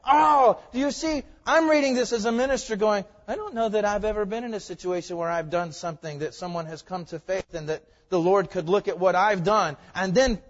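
A man preaching a sermon as a pastor, swinging between loud emphatic lines and soft hushed ones. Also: sits high, big-room sound, dull audio.

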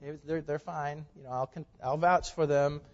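Male pastor, high voice, conversational sermon with questions to the congregation; long reverb, dull recording. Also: steady tone, moderate pace.

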